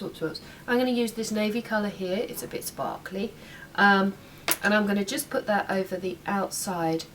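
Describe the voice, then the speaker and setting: A young woman chatting casually through a makeup tutorial at home, making small asides as she works. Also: mid-range voice. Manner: chatty, talks while working, some asides. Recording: slightly distant mic, faint room noise.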